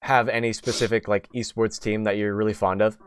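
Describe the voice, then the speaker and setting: A young man chats on a gaming podcast in a loose, rambling way, padding his thoughts with fillers and restarts. His voice sits a little low and sounds smooth and clean. The close mic gives a dry sound with no room in it. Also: flat delivery, fairly quick, no room sound. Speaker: podcast host. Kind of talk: casual podcast chat.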